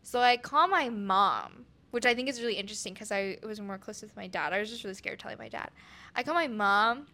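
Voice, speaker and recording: Bright, frank young woman. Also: mid-range voice, brisk, a little hiss or hum. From Oregon, USA. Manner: frank, animated, drops into quoted voices. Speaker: podcast guest. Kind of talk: candid personal storytelling.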